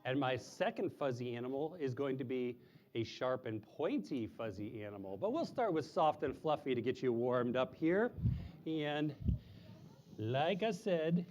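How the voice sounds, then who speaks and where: With slight background noise behind him, a man with a darkish voice shows live animals to a group of children. His explanations are chatty and simple, and he occasionally does high-pitched owl hoots during the kids' animal show.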